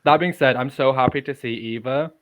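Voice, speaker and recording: A man co-hosting a podcast in casual chat, chatty and playful, quick to correct the others. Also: mid-range voice, a bit bright. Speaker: podcast co-host.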